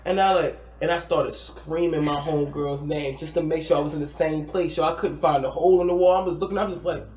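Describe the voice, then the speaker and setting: A man from New Jersey with a high voice chats on a podcast, telling a wild story in heavy slang. He throws himself into the quoted voices of the people in it. The sound is roomy, with plenty of echo. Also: fairly even intonation, fast, a little mellow. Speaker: podcast co-host. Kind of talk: casual storytelling chat.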